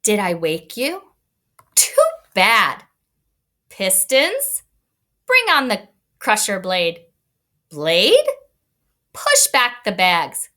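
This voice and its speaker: A woman reading aloud as a hungry, bossy male garbage truck in a storybook, loud and commanding. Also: mid-range voice, huge pitch swings, very slow, pauses often, heavily acted. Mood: boastful.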